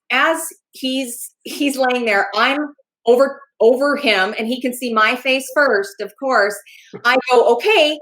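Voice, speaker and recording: A woman with a somewhat high voice tells a story on a podcast. She is animated and often laughs as she acts out the other people's voices in a casual, chatty way. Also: rough recording. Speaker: podcast guest.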